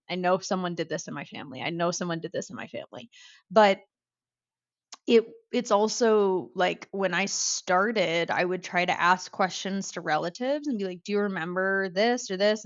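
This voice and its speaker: An American woman talking casually as a podcast guest, lively and acting out other people's voices as she tells things. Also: lowish voice. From United States. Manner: animated, acts out quoted voices. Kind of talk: casual conversation. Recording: slightly dull lo-fi audio.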